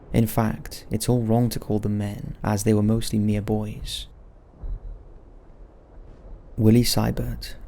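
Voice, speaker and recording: A man giving solemn scripted narration of wartime letters, slow and grave in manner, with soft music underneath. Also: fairly low pitch, vocal fry, a little hiss or hum. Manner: slow, grave, measured delivery.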